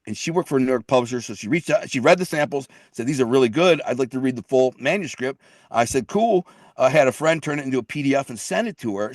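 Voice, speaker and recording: A middle-aged man, mid-pitched and talking in blunt street slang. He tells his story plainly and often repeats or restarts his words. The sound is dry and close, with no room echo. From Detroit. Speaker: guest, author. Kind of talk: casual storytelling interview.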